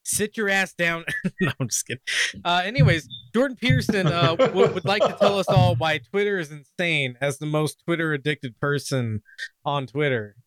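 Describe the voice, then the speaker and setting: A man's voice: fairly high pitch, normal speed, a bit bright, no echo. A man in casual podcast chat, teasing and joking with the others.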